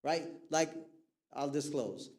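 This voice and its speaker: Casual, animated man counseling youth. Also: on the high side, takes it slowly. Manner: casual, keeps checking in with the listeners; animated storyteller who acts out quoted people. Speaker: mental health counselor speaking to youth. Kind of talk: conversational talk to a youth group.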